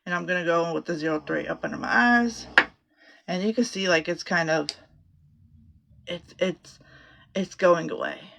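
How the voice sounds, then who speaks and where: A woman's voice: lowish voice, fairly even intonation, normal speed, vocal fry, long pauses, a bit bright, slight background noise. A middle-aged woman chatting casually through a makeup tutorial from a small home office closet. She rambles and swears freely. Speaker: makeup vlogger.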